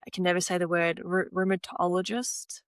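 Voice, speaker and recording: Recorded dry, a young woman with a smooth, low-leaning voice speaks fairly quickly about her past as a swimmer on a podcast. She relaxedly relays conversations by quoting herself and others, with frequent "like" and "you know" fillers.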